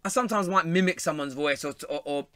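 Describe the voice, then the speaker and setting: A man's voice: fairly high pitch, fast, bright, forceful tone. A young man with a London accent hosting a live fan show, chatting, laughing often and reading out viewer comments. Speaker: host.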